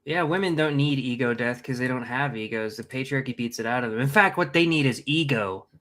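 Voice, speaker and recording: A man's voice: medium pitch, fairly quick, fairly bright tone. A man co-hosting a podcast in casual chat, sarcastic and profane. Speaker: podcast co-host.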